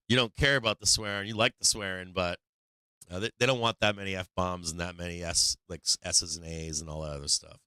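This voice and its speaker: A man's voice: fairly low pitch, bright, forceful tone, smooth, dry recording. A man hosting a stock market livestream in a casual, rambling way, full of fillers and restarts. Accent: none, dropped his Boston accent. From Boston.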